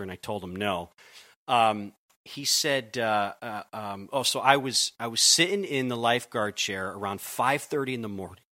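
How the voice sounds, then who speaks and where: A youth pastor from Connecticut, USA, tells the story of his calling in a conversational podcast interview, earnest and frequently restarting his sentences. His mid-range voice is bright and forceful, and the recording is dry.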